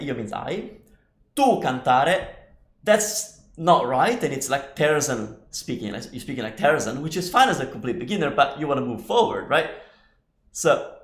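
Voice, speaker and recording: A man teaching a live online lesson, chatty and explaining step by step while answering viewer comments. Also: fairly high pitch. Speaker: Italian teacher. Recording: echoey room.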